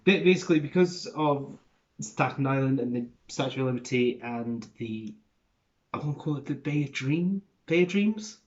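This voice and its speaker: A man's voice: mid-range voice, normal speed, darkish tone, muffled recording. A young man explaining a topic in casual talk, rambling and unsure, often restarting and correcting himself. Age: young adult. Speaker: video creator explaining an accent.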